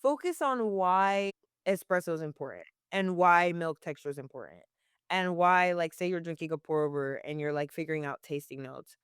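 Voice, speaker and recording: A woman's voice: on the low side, expressive, moderate pace, smooth, dry recording, studio quality. A young woman working as a barista, answering interview questions casually with many "like" fillers and frequent laughs.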